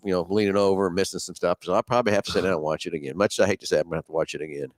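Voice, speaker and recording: A man's voice: sits low, steady tone, no echo. A man hosting a live auto show, teasing and joking in casual banter. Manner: teasing, joking, quick to laugh.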